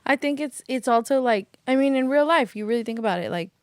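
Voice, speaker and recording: A young woman talks casually on a podcast, blunt and quick to swear. Her voice sits a bit high and swings up and down a lot. The recording is dry and close-miked. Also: no echo. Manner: blunt, swears freely, animated, laughs a lot. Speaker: podcast co-host. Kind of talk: casual chat.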